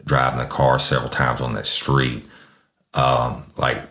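A man's voice: a bass voice, flat delivery, unhurried, pushed and bright, reverberant. A man telling a true-crime story in casual, profane, folksy talk, often calling his listeners y'all. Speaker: podcast host telling a case story.

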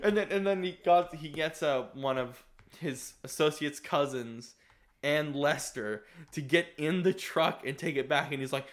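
A man's voice: a little high, normal speed. A young man co-hosting a podcast, rambling through a casual chat with lots of restarts and laughs. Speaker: podcast co-host.

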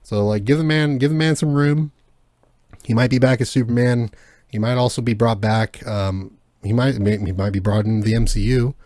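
A man co-hosts a podcast in a casual chat, rambling along with plenty of fillers and restarts and swearing freely. His mid-range voice has a steady, darkish tone at a moderate pace. The recording is clean studio sound with no room ambience.

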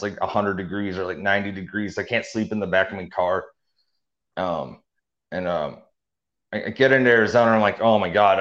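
Captured in dull lo-fi audio, an interview guest, a young man with a fairly low, fairly bright voice, rambles casually through his story, restarting often and using lots of fillers.

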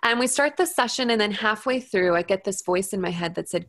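A woman's voice: mid-range voice, brisk, dry recording. A woman in her thirties tells a long story as an interview guest. She acts out what people said and breaks into laughter now and then. Her voice sits in a mid range and sounds dry and close to the mic. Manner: animated storyteller, laughs often, acts out quotes. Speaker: hypnotherapist, guest.

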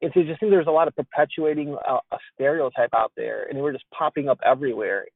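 A man's voice: on the high side, fast talker, gravelly, dry recording. A man guesting on a podcast, talking in an earnest, candid, slightly preachy way about ministry. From Hispanic roots in the US. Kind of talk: casual podcast conversation. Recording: tinny phone-like line.

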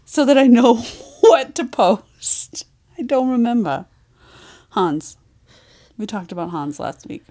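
A woman's voice: on the high side, sing-song, takes it slowly, pauses often, dark tone. A young woman co-hosting a podcast in casual chat, crude and rambling, often breaking into laughter. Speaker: podcast co-host.

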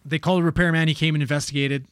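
A man casually retelling a spooky story on a podcast, animated and swearing freely. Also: on the high side, rapid-fire, clean tone, dry recording. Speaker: podcast co-host telling a story.

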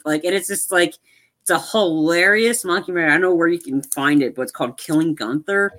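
A man on a live-streamed podcast, talking casually and rambling about movies, acting out scenes with excitement. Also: on the high side, a little fast. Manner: rambling, animated, acts out movie lines. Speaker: podcast co-host.

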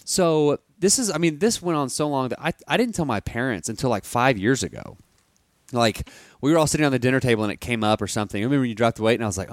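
A man's voice: mid-range voice, quick pace, dry recording, studio quality. A man co-hosting a podcast, telling a long story in casual chat, rambling and full of fillers. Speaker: podcast co-host.

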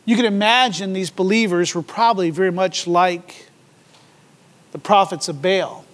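Male pastor, very high voice, dramatic sermon delivery, echoing church hall. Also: fairly even intonation, moderate pace, a bit bright. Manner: dramatic scripture reading with mocking voices.

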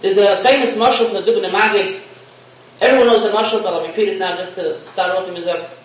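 A man's voice: high voice, steady tone, fast talker. Man preaching from afar in an echoey room. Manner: storytelling, sprinkled with Hebrew and Yiddish terms. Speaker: rabbi giving a talk. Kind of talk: sermon with a parable. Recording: echoey room, distant mic, faint hiss.

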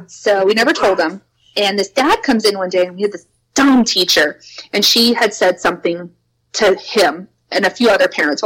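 A woman's voice: medium pitch, moderate pace, a bit bright, rough recording. Chatty young woman telling ghost stories. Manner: chatty, lots of "like", acts out quotes with a raised voice. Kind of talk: casual storytelling.

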